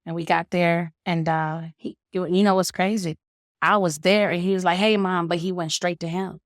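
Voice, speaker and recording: A woman's voice: fairly low pitch, fairly even intonation, normal speed, dry recording, clean studio sound. A middle-aged woman, a mother and podcast guest, earnestly filling in details of her son's story in casual talk. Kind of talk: casual conversation.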